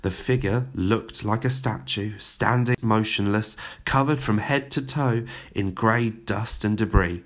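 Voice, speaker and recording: A man reading a children's story aloud with expressive, dramatic narration. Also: on the low side, measured pace, hardly any pauses.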